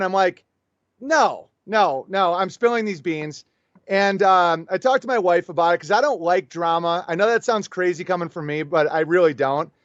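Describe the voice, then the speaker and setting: A man's voice: high voice, no room sound, muffled recording. A man talking as a guest on a show, telling a story animatedly and acting out both sides of the conversation. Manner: animated, storytelling with quoted back-and-forth. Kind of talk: casual conversational interview.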